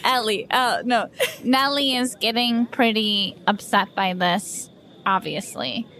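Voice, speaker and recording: A woman's voice: fairly high pitch, slow pace, sharp tone. Chatty woman narrating her character. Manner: chatty, a little scattered. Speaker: tabletop game player. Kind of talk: narrating character actions, casual.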